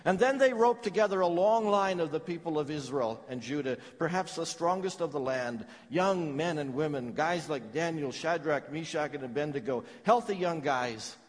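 A man's voice: fairly high pitch, lively intonation, normal speed, hardly any pauses. Man preaching in a reverberant hall. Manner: dramatic preaching with wide swings from loud to hushed. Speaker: pastor. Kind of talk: sermon.

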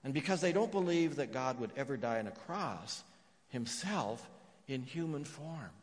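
A man preaching a sermon as pastor, emphatic, dropping to hushed repeated phrases. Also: mid-range voice, expressive, moderate pace. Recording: long reverb of a church hall.

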